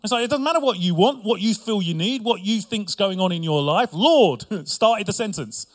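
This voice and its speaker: A man's voice: high-pitched, animated, normal speed. A middle-aged male pastor preaching a sermon with humor and asides to his congregation.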